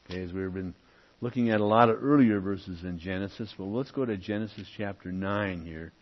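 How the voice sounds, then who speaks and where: A man's voice: low-pitched, brisk. A man teaching a Bible lesson, reading verses aloud and stopping to explain them with asides. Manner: reads verses aloud, then comments with asides. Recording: muffled lo-fi recording.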